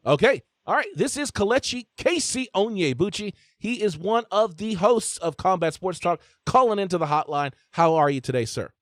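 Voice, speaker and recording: A man's voice: sits high, normal speed, few pauses, dry recording, studio quality. Chatty man hosting a live call-in show. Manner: energetic, chatty, with frequent fillers and restarts. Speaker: host.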